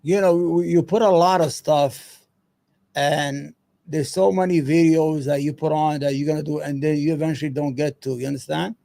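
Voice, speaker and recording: Gravelly, high-pitched rambling male host. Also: steady tone, normal speed, dark tone. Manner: loose, profane, muttering to himself between points. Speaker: solo commentary host. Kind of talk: rambling casual commentary.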